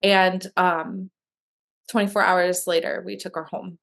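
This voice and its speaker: A woman's voice: fairly low pitch, little pitch movement, measured pace, gravelly, fairly bright tone. A woman guest telling a personal story in a candid, emotional way, with many fillers and restarts. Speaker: guest sharing her adoption story. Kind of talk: conversational interview storytelling.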